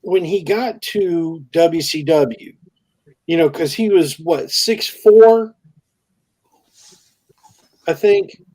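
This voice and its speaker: Halting man with a mellow voice. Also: a little high. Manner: halting, many fillers and restarts. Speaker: podcast co-host. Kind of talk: casual chat.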